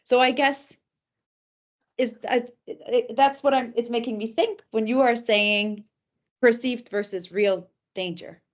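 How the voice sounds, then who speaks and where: Woman, webinar host, reflective, thinks aloud, slightly higher voice, video call. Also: steady tone, unhurried. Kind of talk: moderating a webinar.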